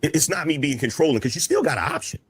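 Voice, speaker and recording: Man, husky voice, quick talker, lively pitch, arguing on a panel. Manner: argumentative, interrupts, repeats himself. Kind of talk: heated panel debate.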